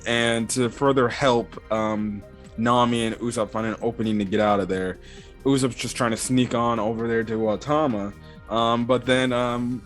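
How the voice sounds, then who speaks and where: A young man giving casual episode-recap commentary in a rambling way, with lots of filler words. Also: fairly low pitch. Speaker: anime episode reviewer. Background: faint background music.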